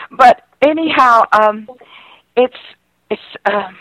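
A woman's voice: medium pitch, moderate pace, fairly bright tone, dry recording. An older woman, a singer and pianist, telling heartfelt, rambling stories from her past in a radio interview. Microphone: phone line. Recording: tinny dry phone line.

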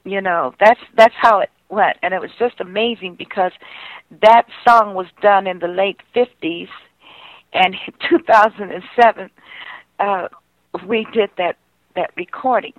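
A woman's voice: medium pitch, measured pace, no echo. An older woman, a singer and pianist, telling heartfelt, rambling stories from her past in a radio interview. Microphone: phone line. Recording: tinny dry phone line.

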